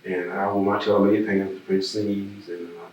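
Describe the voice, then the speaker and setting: A man's voice: on the low side, level tone, moderate pace, a little mellow, muffled recording. A man with a Southern American accent telling stories in a casual oral history interview, rambling and repeating words. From Birmingham, Alabama. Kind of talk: casual storytelling. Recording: echoey room, distant mic, faint hiss.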